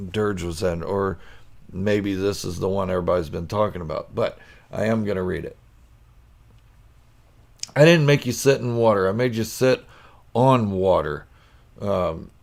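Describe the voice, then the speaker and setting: A man with a low, gravelly voice chats with viewers on a live stream. He is goofy and quick to laugh, telling stories and answering comments in a loose, casual way. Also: darkish tone. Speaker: channel host chatting with live viewers.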